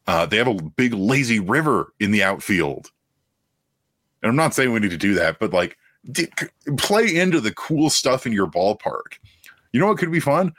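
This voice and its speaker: A man's voice: sits low, fairly bright tone, no room sound, studio quality. A young man co-hosting a casual sports podcast, riffing animatedly on ideas. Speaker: podcast co-host.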